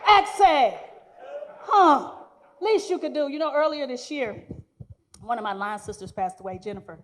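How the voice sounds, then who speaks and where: Lively high-voiced comedienne in her forties. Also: normal speed, a little hiss or hum. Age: 40s. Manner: animated storytelling, acts out quoted voices. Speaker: stand-up comedian. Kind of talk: stand-up comedy set. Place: live venue before guests.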